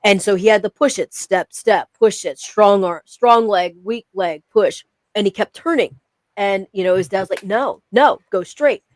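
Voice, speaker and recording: A woman's voice: mid-range voice, moderate pace, no echo. A woman co-hosting a podcast, telling a story in casual chat, rambling with many fillers and restarts. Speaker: podcast co-host.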